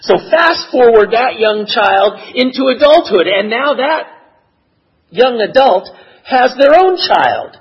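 A man preaching a sermon in an expressive, measured way that builds to emotional emphasis. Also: very high voice, breathy edge, lo-fi sound. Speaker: pastor.

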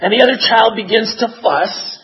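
A man preaching a sermon in an expressive, measured way that builds to emotional emphasis. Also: high voice, husky, highs cut off. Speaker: pastor.

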